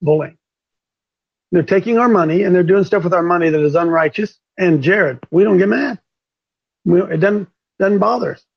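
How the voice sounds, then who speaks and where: A fervent male talk radio host preaching in a high, gravelly, husky voice, driving his points home again and again. The audio is dull and lo-fi. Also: normal speed. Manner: fervent, repeats points for emphasis.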